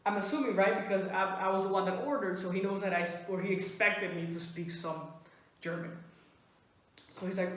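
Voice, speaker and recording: A woman from Venezuela, telling a stand-up comedy story and acting out dialogue in animated bursts. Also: a little fast. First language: Spanish. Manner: animated, acts out dialogue with pitch jumps. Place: small comedy venue. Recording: very echoey room.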